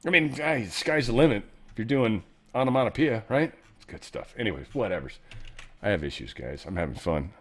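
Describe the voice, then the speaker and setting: A man's voice: expressive, fairly quick. Rambling, joking male host. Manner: swings pitch and loudness a lot. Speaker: show host. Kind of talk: casual news commentary.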